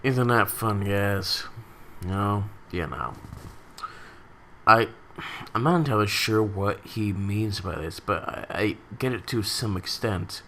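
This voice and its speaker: A man's voice: fairly low pitch, takes it slowly, a bit bright, slight background noise. A man hosting a reaction video, chatting casually and rambling with frequent self-corrections as he talks to his viewers.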